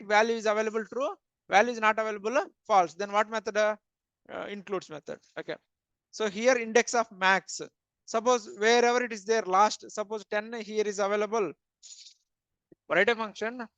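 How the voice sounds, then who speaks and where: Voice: medium pitch, fairly bright tone, no room sound. A programming instructor teaching a live coding class, asking the students questions, answering them, and saying "okay" often. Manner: plain repetitive wording, many "uh" fillers. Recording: dull, dry lo-fi recording.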